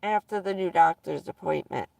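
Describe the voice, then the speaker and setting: A woman's voice: on the low side, moderate pace, creaky, a little mellow, no room sound, distant mic. A woman vlogger casually telling rambling personal stories to her viewers, often breaking into laughter mid-sentence.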